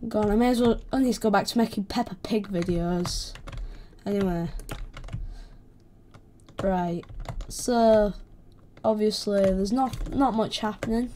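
A woman with a British accent giving casual gameplay commentary, excitable, yelping when attacked and trash-talking playfully. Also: medium pitch, measured pace, long pauses, slight background noise. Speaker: gaming video creator.

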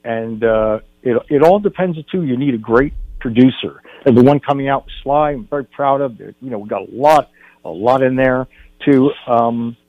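An older man, a film director, telling stories as a guest in a radio studio interview, animated and acting out what people said. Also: mid-range voice, normal speed, no echo, lo-fi sound. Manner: animated anecdote teller, acts out quotes.

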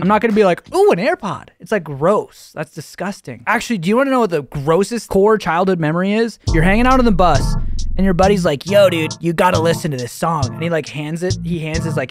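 A young man reacting to memes in an excitable, slangy way, often slipping into silly voices. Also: sits high. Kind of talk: casual reaction commentary. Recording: music playing behind.

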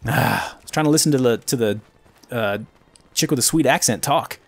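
A man giving casual, self-mocking commentary over his own gameplay, with excitable outbursts and muttering. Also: medium pitch, moderate pace, vocal fry, husky, dry recording. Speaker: gaming commentator.

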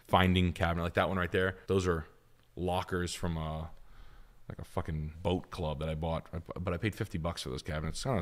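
A man with a notably deep, low voice talks through house listings in a loose, casual way, dropping swears as he goes. It sounds like a relaxed studio podcast, with a good deal of offhand riffing. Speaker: podcast co-host.

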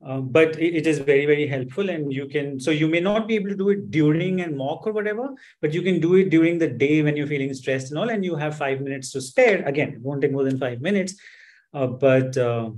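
A man leading a live-streamed stress management workshop, talking with many fillers and gently coaxing his viewers. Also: on the high side, brisk, poor audio. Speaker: workshop instructor.

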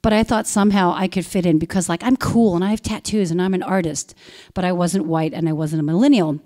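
A woman in her forties, an actress telling a personal story live on stage into a handheld mic, animated and bursting into loud quoted lines. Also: fairly low pitch, quick pace. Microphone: handheld stage microphone.

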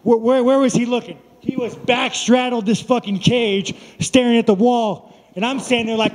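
Male fighter, high voice, profane rambling trash talk, reverberant room. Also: steady tone, moderate pace, a little mellow. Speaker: fighter at a press conference. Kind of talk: press conference talk.

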